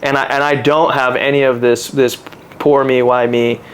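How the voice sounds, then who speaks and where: A man's voice: mid-range voice, moderate pace, clean tone. A man in his thirties telling his own story in a casual interview, earnest and candid, often acting out what other people said. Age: 30s. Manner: earnest, candid and reflective, with animated retellings. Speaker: podcast guest.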